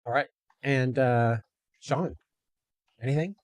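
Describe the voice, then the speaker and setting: A man in a mid-pitched voice runs a tabletop game over voice chat. He narrates and calls on players in a brisk, matter-of-fact way. The sound is dry and close, with no room echo. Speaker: game master.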